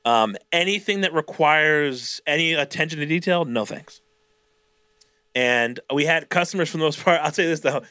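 Young male podcast co-host, slightly high voice, dry sound, profane and animated storyteller. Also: normal speed, smooth, no echo. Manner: animated storytelling, swears a lot, acts out customers. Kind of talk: casual chat.

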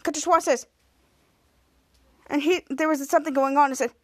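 High-voiced woman rambling through a recap. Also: fairly even intonation, moderate pace, a bit bright, no echo. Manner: rambling, repeats "cut to" with questioning "hmm?" fillers. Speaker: podcast host. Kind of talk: casual TV episode recap.

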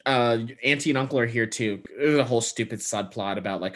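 A man co-hosting a movie podcast, summarizing the plot casually with sarcastic asides and quick quoted lines. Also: mid-range voice, expressive, slightly rough. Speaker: podcast co-host. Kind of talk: casual chat recapping a movie.

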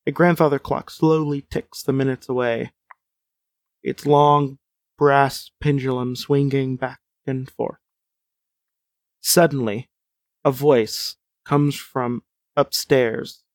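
A man's voice: mid-range voice, fairly even intonation, slow pace, pauses often, no room sound. A man reading a choose-your-own-adventure book aloud, with playful asides, frequent laughs and casual chat. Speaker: reader of a gamebook.

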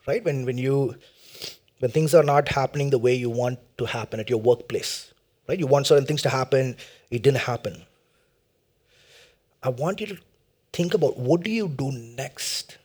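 A husky, middle-aged man from India delivers a sermon. His voice sits a little high and carries a breathy roughness. He leans into loud, emphatic lines, then falls to near-whispers, circling back to the same questions for his listeners. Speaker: pastor.

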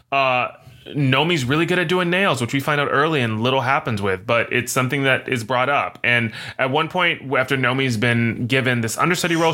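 A man co-hosting a podcast in casual chat, animated and jokey, jumping up in pitch for quoted voices. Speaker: podcast co-host.

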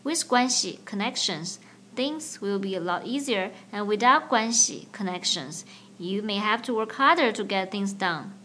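A woman's voice: medium pitch, lively intonation, sharp tone, a little hiss or hum. Woman hosting a language lesson podcast. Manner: clear, slow teaching delivery with playful banter. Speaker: podcast host and language teacher.

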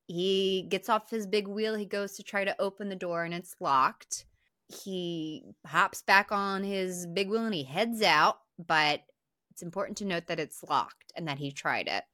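A young woman co-hosting a podcast, recapping a film in casual, animated chat, swearing freely and restarting her sentences. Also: fairly low pitch, no echo, studio quality. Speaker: podcast co-host.

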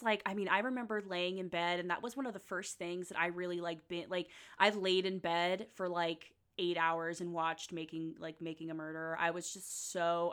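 A woman's voice: fairly low pitch, a bit bright. A young woman hosting her own podcast in a rambling, playful, self-mocking chat that keeps breaking off mid-sentence. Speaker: podcast host. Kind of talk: casual solo podcast chat.

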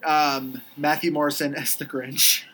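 A woman's voice: deep voice, flat delivery, measured pace, fairly bright tone, low-quality recording. A woman hosting a podcast in casual chat, running through upcoming releases in a matter-of-fact way. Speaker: podcast host.

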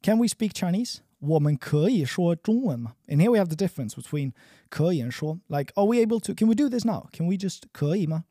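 Lively man teaching a language lesson. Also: high voice, no echo, studio quality. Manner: lively, repeats phrases slowly for practice.

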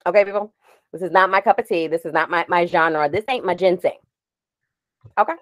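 A woman in her forties co-hosting a podcast, telling a story in an animated, laughing way and drifting off on tangents. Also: mid-range voice, quick pace, no echo. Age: 40s. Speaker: podcast co-host. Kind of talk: casual chat.

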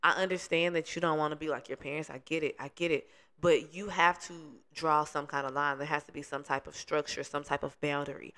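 A woman's voice: sits low, steady tone, fairly quick, a bit bright. Earnest woman co-host giving parenting advice. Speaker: podcast co-host. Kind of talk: casual chat.

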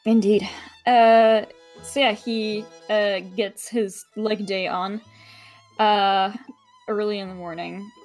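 A woman's voice: mid-range voice, level tone, slow pace, darkish tone, soft background music. A woman playing a tabletop game, talking casually with some hesitation. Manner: chatty, hesitant. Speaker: player.

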